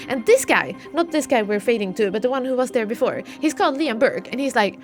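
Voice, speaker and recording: A woman streamer casually recapping a game's story in an excitable, rambling way. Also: fairly high pitch, brisk, hardly any pauses, over music. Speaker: let's play streamer.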